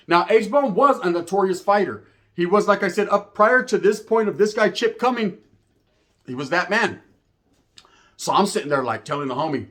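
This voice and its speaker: A man's voice: sits high, moderate pace, a bit bright. A man casually telling a story from his youth, full of street slang and profanity, acting out the voices of the people he quotes.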